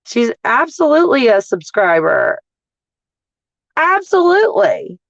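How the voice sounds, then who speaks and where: A woman, ranting in a casual livestream as a couponing vlogger, blunt, profane and animated as she tells stories. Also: high-pitched, a little slow, creaky, no echo, muffled recording.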